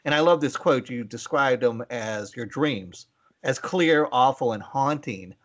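A man's voice: medium pitch, measured pace, fairly bright tone. A man hosting a podcast interview, asking long rambling questions with joking asides.

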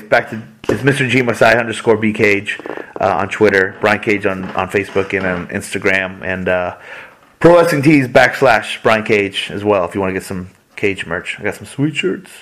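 A man appearing as a wrestling guest on a podcast, telling animated, profane stories in casual chat. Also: on the low side. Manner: fast, profane, animated storytelling.

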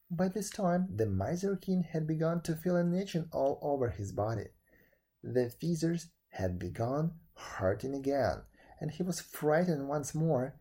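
Husky man reading a folk tale. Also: fairly high pitch, lively intonation, unhurried, mellow. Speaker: storyteller. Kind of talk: storybook read-aloud.

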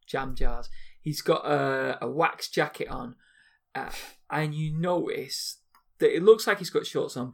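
A man's voice: mid-range voice, vocal fry. A man in a casual chat, teasing his co-host and telling stories with frequent laughs. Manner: teasing, storytelling, quick to laugh.

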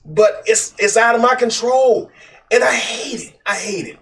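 A man's voice: very high-pitched, a little slow, fairly bright tone, recorded from a distance. A man co-hosting a podcast, talking casually and ranting animatedly, swearing freely. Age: adult. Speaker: podcast co-host. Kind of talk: casual chat.

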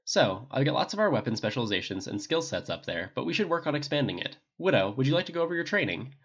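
A reader voicing an earnest male team captain who gives polite, brisk commands in a dull lo-fi recording. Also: mid-range voice, big pitch swings, a bit bright, husky, voice pushed up, exaggerated voice.

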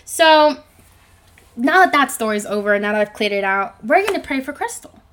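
A young woman in her twenties whose high, girlish voice sits a little above most women's. She rambles in a self-conscious, chatty way, full of fillers, as she records a solo podcast alone in her bedroom. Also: big pitch swings, normal speed, fairly bright tone, slight background noise. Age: 20s. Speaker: podcast host. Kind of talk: solo podcast monologue, casual chat. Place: home bedroom. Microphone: microphone.

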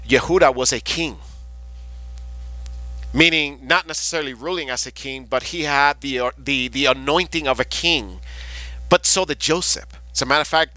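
A male pastor giving a sermon, often asking the congregation questions and slowly drawing out Hebrew words. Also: on the high side, bright, forceful tone, dry recording. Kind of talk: sermon teaching.

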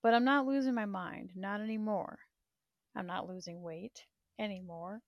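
A woman's voice: mid-range voice, moderate pace, no echo, lo-fi sound. A woman in her thirties hosting a livestream in blunt, profane, rambling chat, laughing often. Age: 30s. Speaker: livestream host.

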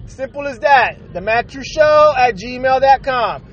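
A man's voice: very high-pitched, unhurried. A man hosting his own show in a casual, profane rant, laughing as he goes. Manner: profane, animated, laughs while ranting. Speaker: podcast host. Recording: slightly dull audio with faint noise.

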